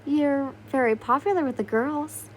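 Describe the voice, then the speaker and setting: Woman doing a chirpy friendly high school girl, kinda high voice. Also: moderate pace, slight background noise, natural voice. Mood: cheerful. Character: cheerful teenage schoolgirl, the listener.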